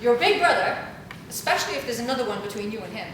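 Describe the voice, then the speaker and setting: A middle-aged woman giving a humorous, self-mocking storytelling lecture as a university lecturer, lively and acting out quoted voices. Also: fairly high pitch, fast. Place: university auditorium. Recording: echoey auditorium with audible room noise.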